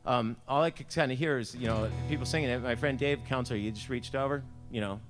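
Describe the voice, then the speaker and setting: A man's voice: mid-range voice, fast talker, music in the background. A man leading a church devotion, telling a personal story in a chatty, self-deprecating way full of "like" and "you know".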